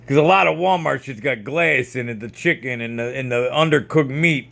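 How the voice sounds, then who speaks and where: Guy with a gravelly voice ranting at home, sarcastic, swears a lot, mid pitch. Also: normal speed, fairly bright tone. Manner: keeps repeating "see how that works". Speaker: vlogger. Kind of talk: casual vlog, checking jars at home. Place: home storage area.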